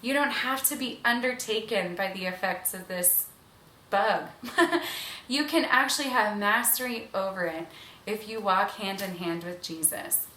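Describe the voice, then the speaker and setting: A woman's voice: mid-range voice, unhurried, sharp tone, slight background noise. A woman in her thirties giving an earnest, conversational online devotional with casual asides. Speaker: devotional speaker. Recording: echoey room.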